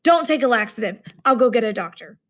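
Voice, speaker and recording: A woman's voice: on the high side, lively intonation, quick pace, a bit bright. A woman reading the lines of a smug, coldly logical eighteen-year-old male student. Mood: lecturing. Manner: superior, lecturing.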